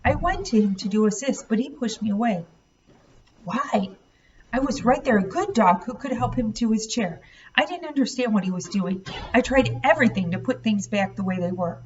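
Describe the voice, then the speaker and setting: A woman reading a novel aloud in a steady, expressive narrating voice. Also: a little high, normal speed, slight background noise. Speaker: reader. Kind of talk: audiobook read-aloud narration. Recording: dull, slightly distant recording.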